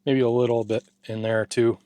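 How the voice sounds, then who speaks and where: This man has a warm, mid-range voice with little pitch movement, speaking at normal speed. He's a food reviewer filming a casual taste-test vlog in his home garage, eagerly sampling a ration pack and sometimes chewing as he talks.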